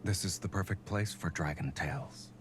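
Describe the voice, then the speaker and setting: A man voicing a calm, teasing male love interest in an otome game, speaking softly. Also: low voice, moderate pace, noisy background, natural voice. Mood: tender. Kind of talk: voiced game dialogue.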